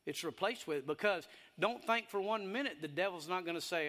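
A man preaching a sermon, animated and emphatic, drawing in the congregation. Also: sits high, brisk, hardly any pauses, big-room sound.

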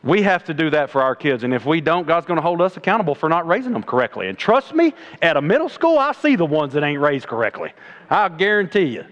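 A man preaching a sermon in a plainspoken, folksy way, swinging from loud exhortation to low mocking asides. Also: big pitch swings, quick pace, muffled recording. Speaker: preacher and middle school coach.

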